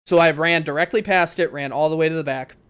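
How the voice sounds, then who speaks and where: A young man with a fairly high voice tells a story to friends on a podcast. He is animated and swears a lot, and he acts out what other people said as he goes. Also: quick pace, smooth. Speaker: podcast host. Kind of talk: casual storytelling among friends.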